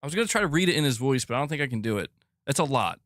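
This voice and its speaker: A man's voice: mid-range voice, expressive, racing, a bit bright, no room sound, studio quality. A man hosting a casual gaming news show, joking and self-mocking as he reads. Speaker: host of a gaming news channel.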